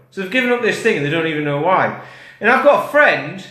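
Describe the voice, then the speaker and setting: Fitness coach, vlog chat, bright rambling voice, slightly high, echoey room. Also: male voice, animated, fast talker. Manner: chatty, rambling, self-interrupting. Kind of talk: casual talking-head vlog. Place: indoors. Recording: roomy echo.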